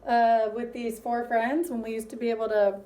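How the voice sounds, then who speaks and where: A woman teaching a music lesson to young children, in a gentle, encouraging way that speaks straight to them. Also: on the high side, flat delivery, moderate pace, far from the mic.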